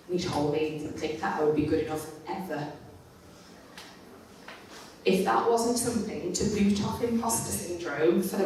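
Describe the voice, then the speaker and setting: Woman conference speaker, candid, self-deprecating storyteller who swears freely. Recorded in a reverberant hall from some distance, with faint room noise behind. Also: on the low side. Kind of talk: storytelling talk. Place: conference stage in a large hall. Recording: echoey hall, mic at a distance.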